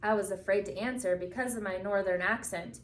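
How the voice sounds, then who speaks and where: A woman reading a picture book aloud with expressive storytelling, slowing down for the solemn moments. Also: medium pitch, slight background noise. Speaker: reader. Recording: echoey room from a distance.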